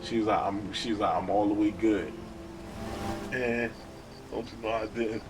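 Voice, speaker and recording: A man's voice: on the low side, fairly even intonation, moderate pace. A young adult man streaming a game, telling a rambling, profane personal story in a casual chat. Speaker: gaming streamer. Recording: distant mic with loud game music.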